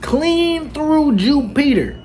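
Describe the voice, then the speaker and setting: A man hosting a casual anime chapter recap, telling it with lively slang and acting out the characters. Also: very high-pitched, extremely slow. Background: faint background music.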